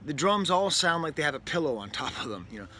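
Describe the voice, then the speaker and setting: A man from New England talks through a record review in a loose, rambling way, breaking off for wry asides and correcting himself mid-sentence. His voice is bright and slightly raised in pitch. A faint hiss of noise sits under the recording. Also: very animated, fast. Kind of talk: casual spoken record review. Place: indoors near a window, with a bird outside.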